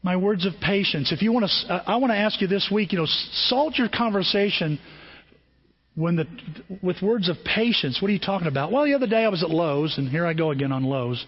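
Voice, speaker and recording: Husky high-voiced guy preaching, storytelling, lots of restarts, kinda muffled lo-fi recording. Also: fairly quick. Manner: storytelling, animated, repeats and restarts phrases. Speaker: pastor. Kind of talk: sermon.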